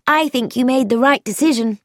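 Woman narrator as a brisk, teasing society girl; firm, lively delivery, dry close sound. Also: on the high side, no room sound, voice pushed up. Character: confident upper-class young woman, teasing.

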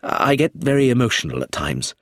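A man voicing an emotional, excitable middle-aged man in a read story, speaking in an agitated way. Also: mid-range voice, brisk, dry recording, clean studio sound, voice pushed up.

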